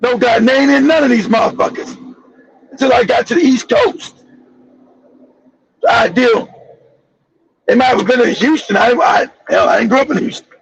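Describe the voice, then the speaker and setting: High-voiced gravelly man, blunt and profane. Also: normal speed, pauses often, lo-fi sound, slight background noise. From Los Angeles, US. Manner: profane, blunt storytelling with laughs. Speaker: channel host. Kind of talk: live-stream monologue.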